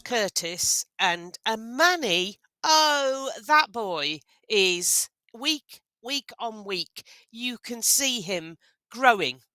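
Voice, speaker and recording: Woman, podcast co-host, jokey chat, bright voice, dry recording. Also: on the high side, lively intonation, dry recording. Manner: chatty, jokey, quick to chime in. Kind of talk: excited casual chat about rugby.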